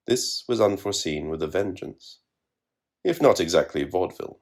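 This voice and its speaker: A man narrating literary fiction in a measured, wry reading. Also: low voice, lively intonation.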